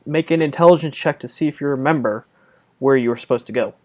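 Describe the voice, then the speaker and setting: A man running a tabletop game as game master, narrating in a casual, halting way. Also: mid-range voice, lo-fi sound.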